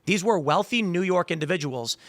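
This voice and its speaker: A podcast host tells anecdotes in casual political chat, rambling and often restarting his sentences. His voice sits high with lively intonation and a fairly quick pace, recorded dry.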